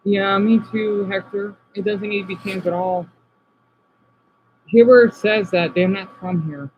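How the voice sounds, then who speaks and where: A man from Arizona streaming casually, reading chat comments aloud and reacting, moving between subdued talk and excited outbursts. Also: high voice, unhurried, dull audio, slight background noise.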